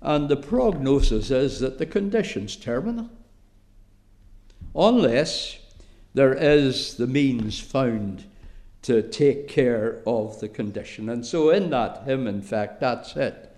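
A man with an Irish accent preaching a sermon slowly and deliberately, with emphatic pauses. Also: mid-range voice, expressive, a little mellow.

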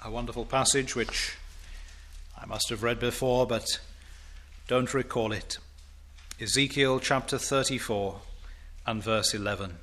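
A man preaching a sermon in formal, old-fashioned diction, building to loud, emphatic declamation as he reads scripture. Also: mid-range voice, steady tone, a little slow, long pauses.

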